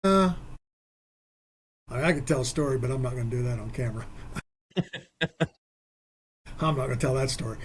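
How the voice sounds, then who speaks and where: A man's voice: medium pitch, moderate pace, pauses often, a little hiss or hum. A man hosting a radio sports talk show, casual and joking, telling stories and working things out aloud. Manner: joking, storytelling, thinks aloud with math.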